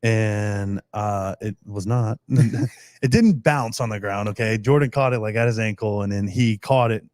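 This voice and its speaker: A man chats casually as a podcast guest, telling lively stories and acting out what others said. His voice sounds dry and close, with little room sound. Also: fairly low pitch, normal speed, no room sound. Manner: animated storytelling with acted-out quotes. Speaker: pro football long snapper guest.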